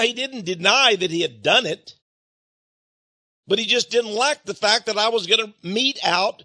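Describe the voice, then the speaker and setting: An older man preaching a sermon in an animated way, acting out quoted people and swinging between loud and soft. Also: on the high side, no room sound, studio quality.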